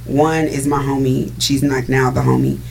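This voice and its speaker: A woman's voice: very deep voice, level tone, normal speed, creaky, a little mellow, a little hiss or hum, low-quality recording. A woman co-hosting a frank casual chat, explaining her views earnestly in long runs.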